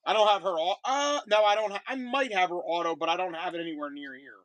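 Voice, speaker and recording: A man's voice: high voice, quick pace, fairly bright tone, a little hiss or hum. A man in his thirties selling trading cards on a live stream, chatting casually in a rambling way with frequent restarts. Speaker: card seller on live stream.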